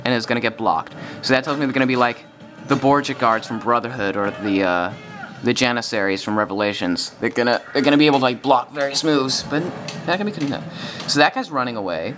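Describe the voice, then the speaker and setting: A young man giving casual, excited gameplay commentary, rambling and correcting himself as he goes. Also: medium pitch, quick pace. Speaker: gaming video commentator.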